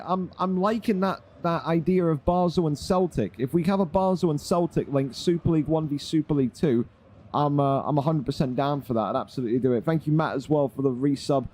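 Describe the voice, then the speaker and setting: A chatty young man streaming live and running his gaming league. His voice sits a bit high with a mellow, warm tone, and he talks bluntly and swears freely. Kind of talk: casual live-stream talk.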